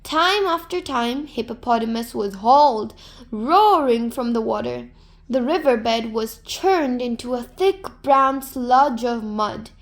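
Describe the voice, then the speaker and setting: A woman narrating a folktale to children in a gentle, expressive storybook manner. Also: fairly high pitch, slow pace.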